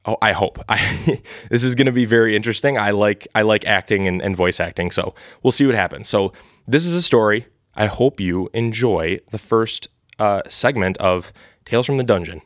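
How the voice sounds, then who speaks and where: A man's voice: on the low side, moderate pace, dry recording, studio quality. A man casually reading an AI-written adventure story live for the first time, laughing at it along the way. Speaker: storyteller and host.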